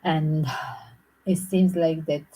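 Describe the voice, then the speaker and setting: Slow, husky-voiced woman musing aloud. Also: low voice, steady tone, mellow, poor audio. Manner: halting, repeats and restarts phrases. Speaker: channel host. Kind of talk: speculative true-crime commentary.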